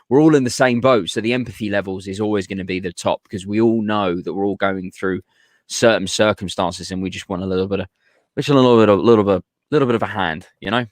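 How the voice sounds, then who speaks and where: A man's voice: lowish voice, no room sound, studio quality. A man co-hosting a casual chat, asking wandering, thoughtful questions.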